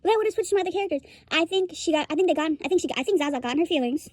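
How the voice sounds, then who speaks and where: A woman's voice: very high voice, animated, racing, a little mellow, no room sound. A young woman giving a rambling, profane commentary rant, laughing often as she talks. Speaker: streamer commentator.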